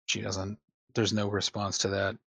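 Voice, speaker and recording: A man's voice: fairly low pitch, monotone, measured pace, vocal fry, fairly bright tone, husky, dry recording. A man running a tabletop game as game master, hesitant with many restarts.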